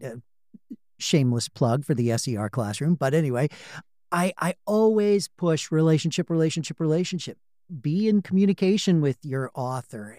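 A man's voice: medium pitch, a little mellow, dry recording, clean studio sound. A man hosting a podcast and working as an audiobook narrator, telling stories animatedly and repeating words for emphasis. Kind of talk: conversational interview.

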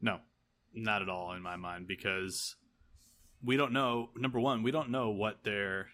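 Guy rambling on a podcast, kinda low voice but bright, tons of "like" and "um". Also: unhurried. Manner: rambling, filler-heavy, laughs often. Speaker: podcast co-host. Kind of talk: casual chat.

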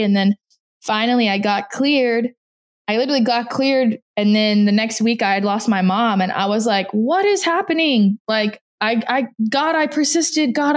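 Chatty young woman telling a story. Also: fairly high pitch. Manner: chatty, quotes people in little voices, laughs often. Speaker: guest. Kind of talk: casual chat.

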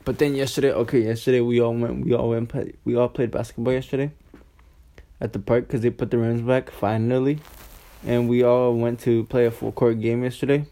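A young man of about eighteen tells a long storytime tale in a loose, rambling way. He swears freely, leans on "like" and restarts his sentences over and over. His voice sits at an ordinary pitch for a man. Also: flat delivery, brisk, mellow. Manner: rambling, profane, full of "like" and restarts. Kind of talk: casual storytime monologue.

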